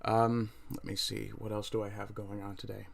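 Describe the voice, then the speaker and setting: A man with a low voice hosts a casual home livestream, talking loosely to his chat. He pauses often and fills the gaps with ums and uhs. His mic sits right under his chin. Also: monotone, vocal fry. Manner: hesitant, many fillers, reads chat aloud. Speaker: livestream host.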